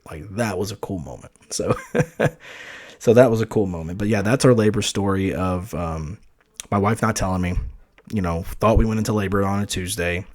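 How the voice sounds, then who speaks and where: A young man telling a story casually on a podcast, animated, swearing freely and acting out the voices of the people he quotes. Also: fairly low pitch, moderate pace. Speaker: podcast host.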